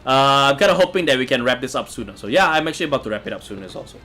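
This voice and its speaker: Soft music plays behind a medium-pitched man who talks very fast in a bright, forceful voice. He's a livestream host reading chat, replying to viewer comments casually and laughing a lot.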